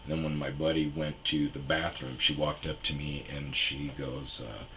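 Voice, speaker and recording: Deep-voiced man telling a rambling story. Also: little pitch movement, moderate pace, sharp tone, a little hiss or hum. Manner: rambling anecdote with crude humor and acted quotes. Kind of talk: casual storytelling.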